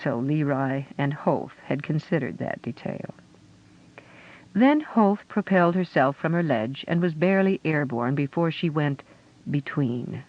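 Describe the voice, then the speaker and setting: Male audiobook narrator, steady storytelling, fairly high voice, muffled lo-fi audio. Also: measured pace. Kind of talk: scripted narration. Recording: dull lo-fi audio.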